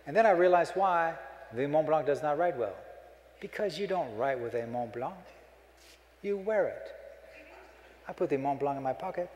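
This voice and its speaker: A man's voice: on the high side, darkish tone, a little hiss or hum. A middle-aged man giving a humorous keynote speech, a folksy joking storyteller, speaking on a stage microphone in a conference hall. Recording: echoey hall, live.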